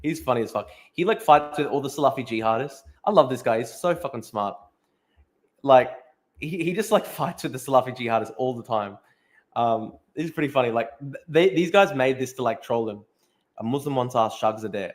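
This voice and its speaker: A man's voice: medium pitch, fairly quick. A young man hosting a casual livestream, reacting to posts and reading out chat questions with frequent laughter and swearing. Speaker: livestream host.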